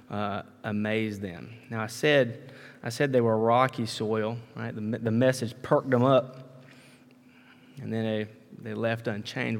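A man preaching a sermon in a conversational way, repeating words, with frequent "right?" asides and folksy emphatic turns of phrase. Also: medium pitch. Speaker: pastor. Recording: long reverb of a large hall.

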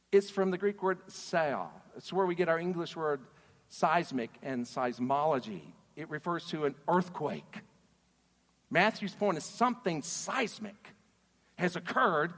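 A man preaching a sermon in an animated, emphatic way, putting questions to his audience. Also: high voice. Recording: reverberant hall.

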